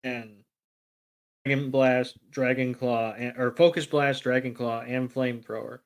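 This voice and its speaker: Chill guy on a podcast, middle pitch, doing little voices for the characters. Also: measured pace. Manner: relaxed storyteller, acts out characters' lines. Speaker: podcast co-host. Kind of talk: casual chat recapping a cartoon episode.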